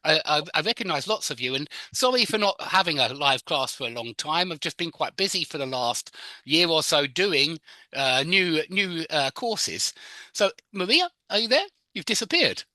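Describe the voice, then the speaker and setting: A male English teacher leads a live online class over a video call. His voice is very bright and a touch high, with a lively melody. The sound is dry and close, and he keeps it chatty, laughing often. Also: normal speed, no echo.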